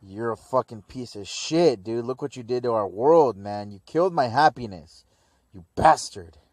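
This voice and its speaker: Brief: man playing a vengeful woman warrior, swearing low and hard, dry close sound. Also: lively intonation, moderate pace, a little mellow, no echo, natural voice. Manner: cursing, low and menacing. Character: fierce young woman fighter, vengeful.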